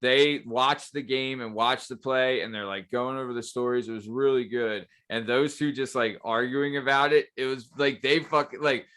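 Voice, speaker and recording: A man's voice: medium pitch, fairly even intonation, moderate pace, hardly any pauses, a bit bright, smooth. Rambling man in casual podcast chat. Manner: rambling, laughs often, mimics quotes.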